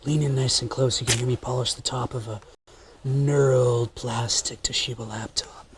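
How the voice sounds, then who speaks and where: A man putting on a hushed ASMR host in a whispered role-play, slow and breathy. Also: medium pitch, steady tone, noisy background, voice pushed down, lightly acted.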